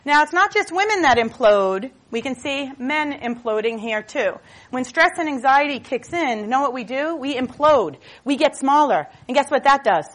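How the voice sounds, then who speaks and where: This Boston woman gives a stage talk as a motivational speaker, her pitch a touch high and her pace moderate. She keeps talking without pause in an animated storytelling style, poking fun at herself along the way.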